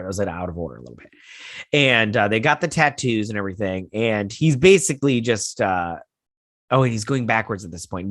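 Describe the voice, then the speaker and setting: A man hosting a casual episode recap and review, rambling through it in an animated way and leaning on "he's like" retellings. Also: on the low side, dry recording, studio quality. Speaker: host.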